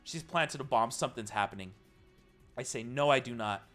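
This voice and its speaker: A young man streaming to his live chat, telling a story in a casual, swearing way and breaking into loud mock panic. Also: mid-range voice, normal speed, faint music behind.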